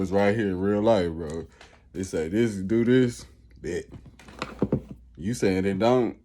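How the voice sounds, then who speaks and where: A man rants casually with a mellow, warm-toned voice. His talk is profane and emphatic, full of skeptical asides. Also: deep voice, slight background noise. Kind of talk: casual rant.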